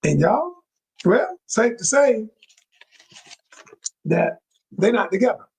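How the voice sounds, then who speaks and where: A man's voice: high-pitched, very animated, slow pace, darkish tone, husky, rough recording. A man giving relationship advice in a live coaching talk to his viewers, emphatic and repeating key phrases, calling listeners y'all.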